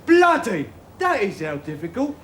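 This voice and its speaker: A stubborn, grumbling binman in a sitcom, whining and bristling in a high, jumpy voice. There is room echo, with audience noise behind it. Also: huge pitch swings, normal speed, fairly bright tone, exaggerated voice. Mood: indignant. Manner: belligerent, whiny complaining.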